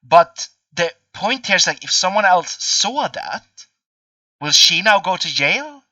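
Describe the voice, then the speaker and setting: A man's voice: high voice, very animated, a little slow, bright, forceful tone, no echo, recorded from a distance, muffled recording. A man in his twenties chatting casually as a podcast host, rambling and swearing with many fillers. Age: 20s. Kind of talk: casual chat.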